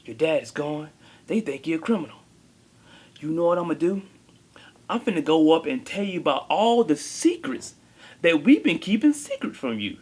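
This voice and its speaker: A man voicing a hulking male bodyguard butler who whispers secrets in a hushed, conspiratorial way. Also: very high voice, sing-song, fast talker, breathy edge, pitched above the performer's own voice, heavily acted.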